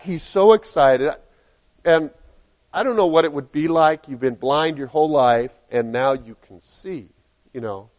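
A man preaching a sermon, reading scripture aloud and acting out the people in it with lively changes of voice. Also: a little high, dull audio. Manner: animated, acts out dialogue in quotes.

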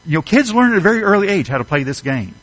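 A man's voice: sits high, very animated, rapid-fire, fairly bright tone, poor audio. A middle-aged man preaching a sermon, earnest and emphatic, asking his listeners rhetorical questions. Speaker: pastor.

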